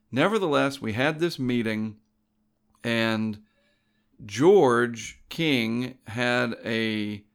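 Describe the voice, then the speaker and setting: A man's voice: medium pitch, fairly bright tone, clean tone. A middle-aged man who hosts a show, casually telling a personal story in a digressive way that keeps correcting itself. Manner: rambling and digressive, self-correcting.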